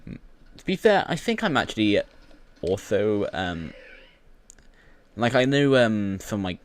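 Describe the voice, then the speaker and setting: A British man talks through his gameplay in a loose, rambling way, stopping and restarting his sentences. His voice sits a little low for a man. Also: sing-song, measured pace. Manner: rambling, full of fillers and restarts. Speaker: YouTuber. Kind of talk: casual gaming commentary.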